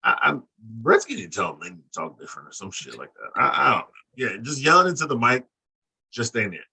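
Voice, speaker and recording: A man with a very bright, sharp voice, co-hosting a casual chat show. He rants bluntly and crudely, with plenty of profanity and animated dismissals. His pitch sits in a middle range. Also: fast talker, vocal fry, slightly rough, rough recording. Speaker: podcast co-host.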